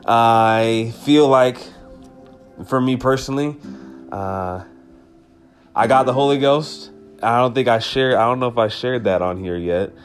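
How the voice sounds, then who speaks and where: A man's voice: medium pitch, a little slow, soft background music. A man hosting a devotional podcast episode, speaking earnestly and with emotion, repeating key phrases for emphasis. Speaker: podcast host.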